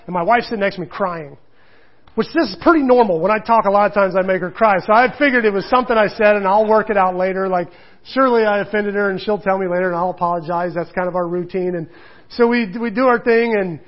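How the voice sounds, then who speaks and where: A male pastor preaching a sermon in a rambling, animated storytelling way, full of restarts. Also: sits high, fairly quick. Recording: muffled lo-fi recording.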